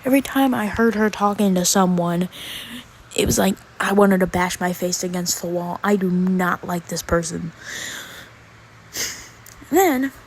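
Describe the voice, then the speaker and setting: A woman's voice: lowish voice, a little hiss or hum, rough recording. A teenage girl telling a storytime rant in a casual, exasperated, slangy way. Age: teens. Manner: exasperated, slangy, drawn-out pauses. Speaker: vlogger.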